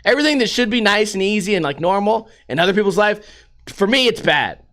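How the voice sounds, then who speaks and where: Profane, rambling storyteller man, high-pitched. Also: lively intonation, a little fast, sharp tone. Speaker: vlogger. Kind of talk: casual storytelling vlog.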